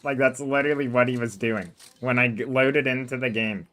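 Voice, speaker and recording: A man streaming a game speaks at medium pitch with fairly even intonation, brisk and a bit bright, into a desk microphone. His gameplay chat is casual and rambling, with frequent laughter.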